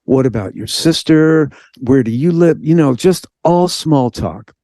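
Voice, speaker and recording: Animated man telling a personal story. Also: on the high side, measured pace, dry recording. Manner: animated storyteller, acting out quoted voices. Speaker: guest. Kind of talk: storytelling interview.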